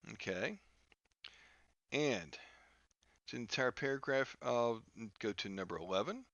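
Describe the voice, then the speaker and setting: A man teaching a software lesson over a screen recording, talking haltingly with many fillers and restarts. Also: on the low side, vocal fry, no echo, lo-fi sound. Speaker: instructor.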